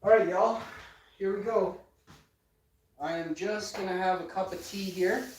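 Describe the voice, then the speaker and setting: Joking livestream host, echoey and distant. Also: male voice, high-pitched, fairly even intonation, a little slow. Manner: joking, boastful banter with chat viewers. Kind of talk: casual livestream chat. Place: indoor room with ring light. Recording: roomy echo, far from mic, faint noise.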